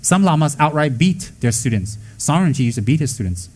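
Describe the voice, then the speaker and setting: A man giving a Buddhist dharma talk to students, blunt and scolding, with joking asides and quick acted-out quotes. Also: a little high, big pitch swings, darkish tone, breathy edge, low-quality recording. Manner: acts out quoted voices. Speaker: Buddhist teacher.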